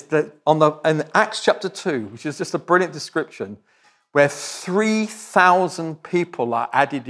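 A man's voice: on the high side, a bit bright. A man preaching as a visiting speaker, direct and conversational, with joking asides to the congregation. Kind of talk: sermon.

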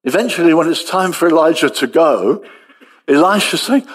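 A man preaching a sermon, acting out dialogue with lively storytelling and dropping to soft, quiet tones. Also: a little high, moderate pace, breathy edge.

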